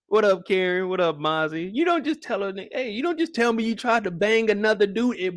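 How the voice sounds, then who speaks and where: A young man giving a casual live recap of a TV episode, talking in animated, slangy, profane banter. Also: high-pitched, moderate pace, hardly any pauses, dry recording, studio quality. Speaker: show recap host.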